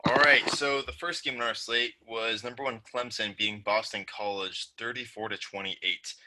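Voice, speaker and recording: A young man co-hosting a sports podcast, relaxed and wry as he runs through the games. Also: fairly low pitch, moderate pace, noisy background. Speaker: podcast co-host. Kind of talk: casual sports chat.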